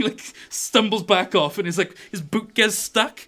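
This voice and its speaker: A young man narrating a tabletop game as game master, animated and laughing often between his descriptions. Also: high-pitched, measured pace, hardly any pauses.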